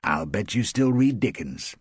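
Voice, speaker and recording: A man's voice: lowish voice, sing-song, unhurried, breathy edge, no room sound, studio quality, voice pushed up, exaggerated voice. Man doing a wry chatty party guest.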